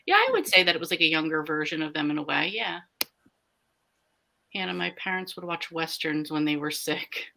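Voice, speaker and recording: A woman's voice: sits low, expressive, brisk, vocal fry, pushed and bright, a little hiss or hum. A woman from the American South hosting a live reading sprint, chatting casually and reading viewer comments aloud. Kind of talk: casual livestream chat.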